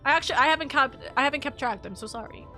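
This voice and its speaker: Young woman, streamer, high voice, gushing and rambling, faint game music behind. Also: rapid-fire, sharp tone. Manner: gushing, emotional, rambling with many restarts. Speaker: streamer playing a story game. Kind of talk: casual live-stream commentary.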